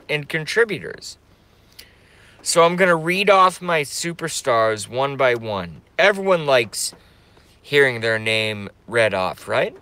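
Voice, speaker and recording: A man's voice: mid-range voice, bright, forceful tone. A middle-aged man live streaming, rambling brashly in a crude, stop-start way to his chat. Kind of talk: casual live-stream rant.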